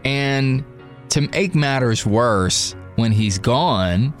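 A man's voice: medium pitch, expressive, drawn-out words, soft background music. A man co-hosting a radio show podcast, telling playful joking stories in casual chat.

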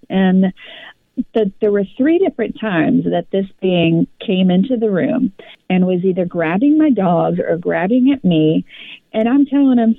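Gravelly woman telling a story over a phone-like line. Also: medium pitch, moderate pace, no echo. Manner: animated, rambling retelling with many restarts. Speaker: podcast co-host. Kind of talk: casual personal storytelling.

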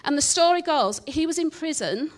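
A woman's voice: high-pitched, lively intonation, normal speed. A woman telling a church congregation a personal testimony, chatty and self-deprecating with many ums. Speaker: church member sharing a testimony.

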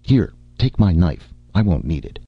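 A man voicing a blunt, scornful barbarian warrior with a husky growl, in a dull lo-fi recording. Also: low-pitched, sing-song, normal speed, dry recording, exaggerated voice. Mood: gruff, dry. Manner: dry, curt, mocking.

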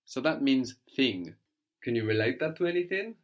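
A man's voice: medium pitch, animated, moderate pace. A man teaching a one-on-one spoken language lesson, patiently explaining words and then quizzing his student.

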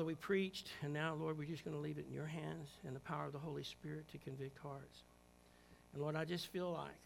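A man preaching a sermon in a church, rising to loud emphatic calls and dropping to quiet, hushed prayer. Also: fairly high pitch, gravelly, slight background noise. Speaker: pastor. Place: church sanctuary.

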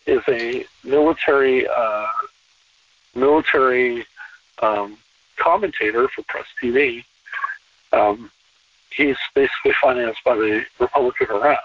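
A man talking as a podcast guest in a relaxed conversational interview, emphatic and repeating phrases to drive points home. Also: medium pitch, measured pace, long pauses, no room sound. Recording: distant, tinny phone-line sound.

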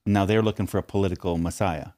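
A man's voice: low voice, steady tone, fast talker, darkish tone, no room sound, studio quality. A man casually explaining a Bible passage to his co-host. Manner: explanatory, with short agreeing backchannels. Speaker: podcast co-host.

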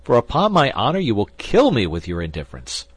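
A man puts on an agitated young swordsman in an audiobook, husky and pitched higher than plain reading. He pleads and exclaims, quick to anger. A hot-tempered storybook youth. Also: sing-song, no echo, full character voice. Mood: alarmed.

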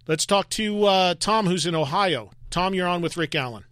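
A man's voice: sits high, animated, moderate pace, a bit bright, dry recording, studio quality. A man hosting a radio call-in show, chatty and joking as he leads the talk and takes callers.

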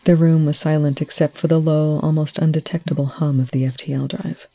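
Gravelly, husky audiobook reader. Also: medium pitch, little pitch movement, a little fast, hardly any pauses, mellow. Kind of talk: fan fiction audiobook narration.

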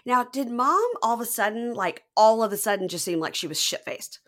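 Her pitch is fairly high and she talks fairly fast. As a podcast co-host casually going over a reality show, she's animated and imitates the people she's quoting.

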